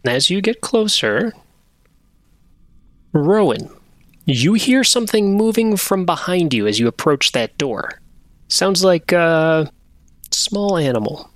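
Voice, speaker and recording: A man's voice: high-pitched, slow, long pauses, dry recording. Guy running a tabletop game, laid back narration, dry close mic. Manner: relaxed, conversational narration. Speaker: game master.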